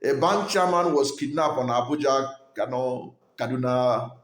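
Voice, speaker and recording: An earnest man from Nigeria delivers political commentary in a mid-pitched voice. He argues his point steadily, often pausing on fillers and restarting phrases, and the recording sits in a noticeably echoey room.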